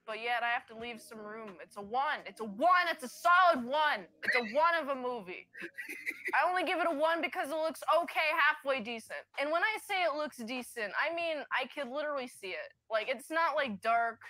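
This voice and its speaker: A woman's voice: sits high, lively intonation, brisk, pushed and bright, no echo. A young woman giving a blunt, snarky, rambling movie review in a played video clip.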